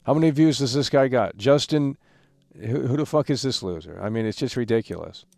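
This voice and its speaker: A man's voice: medium pitch, lively intonation, a little fast, creaky, a little mellow, no room sound, studio quality. A man live-streaming about a video game, ranting and swearing as he reads out comments, often stammering and repeating words.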